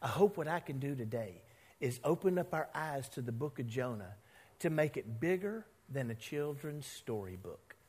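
In a church sanctuary with long reverb, a male pastor preaches a sermon in a husky, mid-range voice at normal speed. He animatedly tells a story and performs the quoted voices of its characters.

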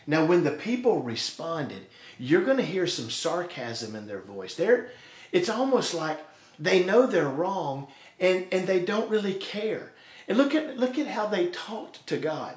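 A man's voice: a little high, sing-song, a little slow. A male pastor preaching a sermon, acting out quoted voices along the way. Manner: preaching, voices God and the sarcastic people in quoted asides. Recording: roomy echo.

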